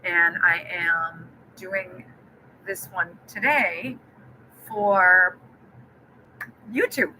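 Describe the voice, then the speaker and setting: A woman's voice: lowish voice, extremely slow, pauses often, sharp tone, a little hiss or hum, rough recording. A woman giving a friendly live-streamed keynote talk and telling a personal story. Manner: friendly, storytelling, greets viewers by name. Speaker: keynote speaker.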